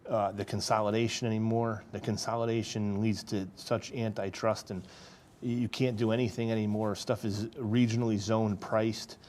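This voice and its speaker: Man, farmer, interview guest, halting, deepish voice. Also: little pitch movement, a little mellow. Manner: earnest, halting, many restarts. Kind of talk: casual interview talk.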